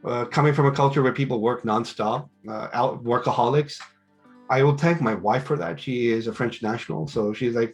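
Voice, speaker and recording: A middle-aged man, a business school teacher, interviewing and giving advice in a lively way, acting out conversations as he tells stories. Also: mid-range voice, brisk, faint music behind. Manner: animated storytelling with quoted dialogue.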